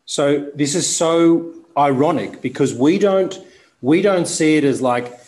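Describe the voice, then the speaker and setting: A man hosting a podcast, talking deliberately and reflectively as a coach to his guest. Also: a little high, a little mellow.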